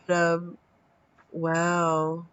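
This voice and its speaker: A woman's voice: fairly low pitch, drawn-out words, clear, resonant tone. A woman in her thirties telling a story in a casual vlog, acting out the dialogue and swearing casually, tired from little sleep. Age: 30s. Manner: animated, acts out quoted dialogue, swears casually. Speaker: vlogger. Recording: dull lo-fi sound.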